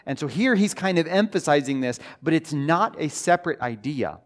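A man preaching a sermon in a church. He talks in a conversational way, often restarts, and slows down for emphasis. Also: on the high side, animated. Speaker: pastor. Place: church sanctuary.

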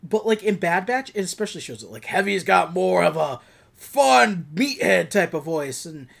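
A man's voice: high voice, animated, fairly quick, creaky, fairly bright tone. A man co-hosting a podcast in casual chat, rambling and enthusiastic with lots of fillers. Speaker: podcast co-host.

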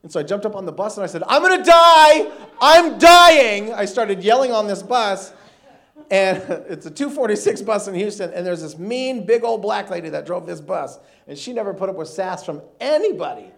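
A guest preacher in his thirties, gravelly and high-voiced, talks a little fast as he tells an amusing personal story in his sermon with lots of animation and frequent laughter.

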